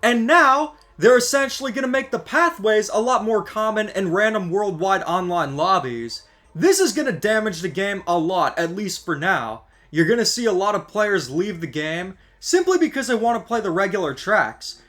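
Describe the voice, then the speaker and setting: Gaming creator, male, high voice that swings widely, sarcastic exasperated rant delivery. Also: sing-song, moderate pace, fairly bright tone. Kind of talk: scripted ranting commentary.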